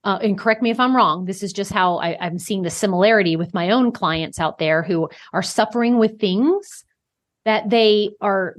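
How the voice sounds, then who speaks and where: A woman podcast host with a mid-range voice sums up her guest's points in a reflective way, often restarting her sentences. Her tone is conversational. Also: mid-range voice. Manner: reflective, summarizing, halting restarts. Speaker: podcast host, life coach. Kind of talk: podcast interview.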